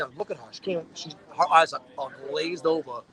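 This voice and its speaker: This man talks fast in a slightly high voice. Co-hosting a podcast, he spins a long, profane, animated yarn and performs other people's quotes as he goes.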